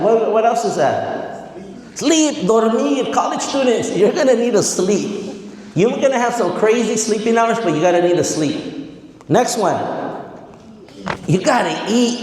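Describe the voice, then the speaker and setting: A man in his forties giving an energetic motivational speech to students as a guest speaker. He quizzes the audience and drops Spanish words into his talk. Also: sits high. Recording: echoey hall with long reverb.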